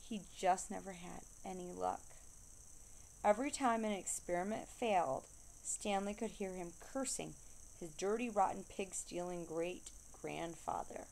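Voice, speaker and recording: A woman reading a children's novel aloud, steady storytelling that slows down to stress repeated refrains. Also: on the low side, gravelly, slight background noise. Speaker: reader.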